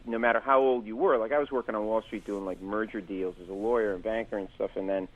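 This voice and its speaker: A man's voice: fairly low pitch, steady tone, fast talker, phone-quality sound. A middle-aged man, a comedian, telling a story on a podcast, acting out both sides of an argument and rambling with fillers and restarts. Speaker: comedian guest.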